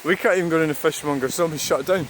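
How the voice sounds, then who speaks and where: A Scottish man rambles to his camera while walking outdoors, his voice slightly high for a man. He talks casually and swears now and then. A clear, rushing stream runs under everything he says. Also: slight background noise. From Scotland. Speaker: vlogger. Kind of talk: casual walking vlog talk. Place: outdoors by a river and waterfall.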